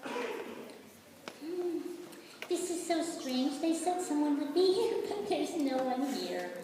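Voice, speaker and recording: A woman voicing a gentle, kind young princess in a live puppet show. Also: high-pitched, animated, takes it slowly, background noise. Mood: surprised. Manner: sweet, eager and kind. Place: school auditorium. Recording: echoey hall from far off.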